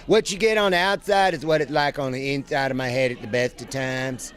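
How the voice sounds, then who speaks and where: A man's voice: medium pitch, fairly even intonation, a little fast, a bit bright. A man, a voice actor at a convention, talking in a manic, jumpy way and breaking into silly voices mid-sentence. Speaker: voice actor guest. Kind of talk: convention interview. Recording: outdoor convention recording.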